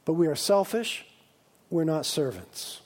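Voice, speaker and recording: A man preaching a sermon as a pastor, lively and humorous, acting out exaggerated voices of his listeners. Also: fairly high pitch, measured pace. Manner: animated, acts out comic voices of his congregation.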